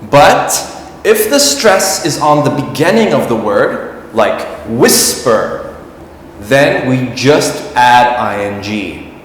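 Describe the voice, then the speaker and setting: A man teaching an English grammar lesson, speaking slowly and deliberately and repeating words for learners to say after him. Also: medium pitch, slight background noise. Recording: echoey room with long reverb.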